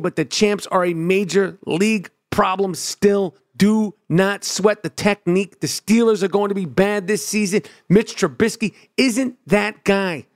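Brash high-voiced man ranting about football. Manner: brash, swaggering trash talk. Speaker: sports commentator. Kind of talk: profane football opinion rant.

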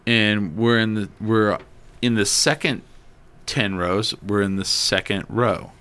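A man on a podcast in a studio, telling an animated, rambling story in casual chat and swearing freely. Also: lowish voice, slow pace, clear, resonant tone. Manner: animated, swears a lot, chatty asides.

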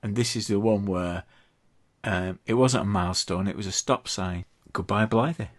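A man co-hosting a chatty podcast, quizzing his friend and drawing out made-up Latin names playfully. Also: fairly low pitch. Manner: playful, drawn-out pronunciation of mock Latin. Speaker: podcast co-host. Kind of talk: casual chat and quiz.

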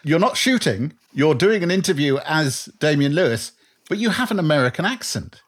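A man's voice: on the high side, very animated, normal speed, slightly rough. Easygoing male interview host. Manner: easygoing, leading questions with background detail. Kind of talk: conversational interview.

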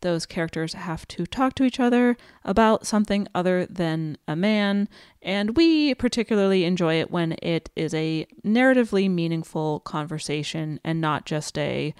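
A woman co-hosting a podcast, chatting casually and backing up her partner with quick affirmations. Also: on the low side, expressive, a little mellow, clean tone, dry recording, studio quality. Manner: supportive, frequent short affirmations. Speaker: podcast co-host.

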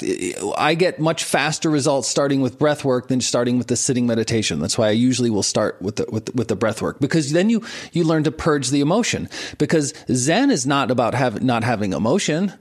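A man in his forties, a guest on an interview show, teaching with lively examples and frequent laughter. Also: medium pitch. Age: 40s. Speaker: martial arts and meditation teacher, guest. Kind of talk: explanatory interview talk.

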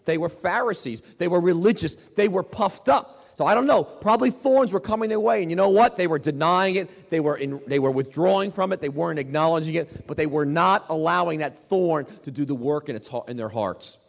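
A man's voice: on the high side, brisk, gravelly, few pauses. A man preaching a sermon as pastor, speaking emphatically, repeating key phrases and putting questions to the congregation. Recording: long hall reverb.

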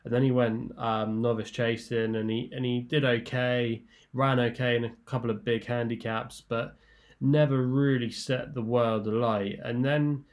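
A man giving horse racing tips in a relaxed, rambling way, with lots of fillers and restarts. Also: medium pitch, normal speed. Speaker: racing tipster guest. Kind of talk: casual racing tips discussion.

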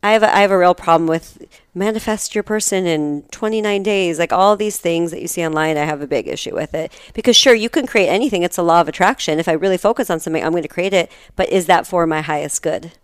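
A woman's voice: on the low side, fast, clear, resonant tone, no room sound, clean studio sound. A woman who is an astrologer guest in a casual spiritual chat, explaining earnestly with analogies.

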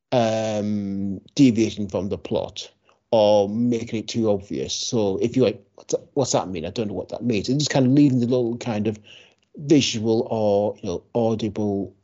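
A man's voice: lowish voice, warm tone, highs cut off. A man co-hosting a podcast in casual chat, eager and loose, with trailing sentences full of fillers. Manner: enthusiastic, with many likes and trailing sentences. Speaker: podcast co-host.

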